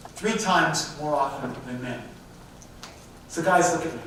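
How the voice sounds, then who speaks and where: A man with a fairly high voice speaks straight to the audience and keeps asking them questions. He sounds distant from the mic, with the room ringing heavily around him and a faint hiss underneath. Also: a little slow. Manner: direct, addresses the audience with questions. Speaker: diversity speaker. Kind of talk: live talk to a company audience. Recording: very echoey hall, mic far off.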